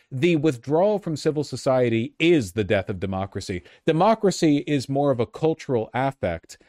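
A young man streaming political commentary, arguing his points with frequent restarts and sudden rises in pitch. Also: a little fast, few pauses, no room sound, clean studio sound. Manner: argumentative, restarts a lot, animated rises in pitch.

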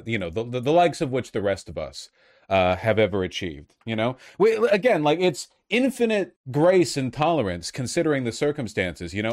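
A man's voice: medium pitch, a little mellow. A man giving casual, sarcastic commentary, rambling with many fillers and restarts. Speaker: online commentator.

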